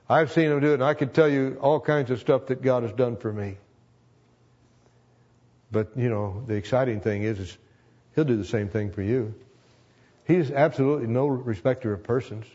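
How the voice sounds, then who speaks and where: A man's voice: mid-range voice, moderate pace, pauses often, darkish tone, muffled recording. A man in his seventies, a longtime pastor, telling a personal testimony with earnest emotion and repeating phrases for emphasis.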